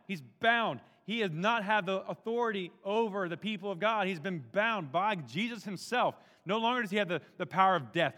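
A man with a high voice preaches with emphatic, down-to-earth energy and drops casual slang between solemn points. His voice rings out with a long reverb from a large hall. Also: fairly bright tone. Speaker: pastor. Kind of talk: sermon.

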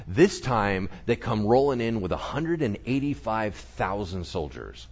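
A man preaching an energetic, conversational sermon with humor, talking straight to the congregation. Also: medium pitch, a little slow, hardly any pauses, highs cut off. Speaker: pastor.

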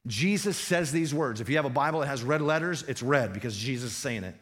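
A man's voice: medium pitch, expressive, fairly quick, a bit bright. A male pastor preaching a sermon in a conversational way, often asking the congregation questions.

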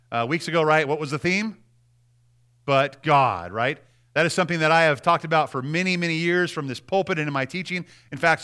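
A man's voice: fairly high pitch, bright, forceful tone, clear, resonant tone. A man preaching a sermon as pastor, talking to the congregation in a conversational way, often checking in with them and repeating his words. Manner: repeats words and restarts phrases.

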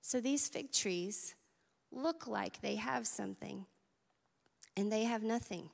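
A woman's voice: mid-range voice, takes it slowly, creaky, in a large hall. A woman preaching a sermon at church, earnest and conversational, with asides to the congregation. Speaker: teaching pastor.

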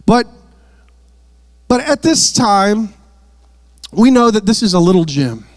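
Preacher, high-voiced man, jokey asides, dry close sound. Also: sing-song, takes it slowly, no echo. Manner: playful asides, repeats words. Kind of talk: sermon.

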